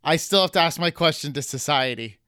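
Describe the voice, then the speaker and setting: A man co-hosting a podcast, ranting in animated, profane bursts with laughter in casual banter. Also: a little high, a little fast, smooth, no echo, studio quality. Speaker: podcast co-host.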